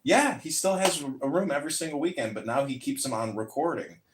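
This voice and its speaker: A man's voice: mid-range voice, lively intonation, fairly quick, reverberant, background noise. A man talking boastfully and at length in a casual audio chat room. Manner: boastful, rambling.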